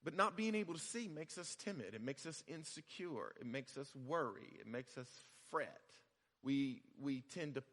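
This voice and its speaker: Bright-voiced preacher in an echoing hall. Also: male voice, on the high side, animated, normal speed. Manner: conversational, repeats phrases, builds to loud emphasis. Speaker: pastor. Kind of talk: sermon.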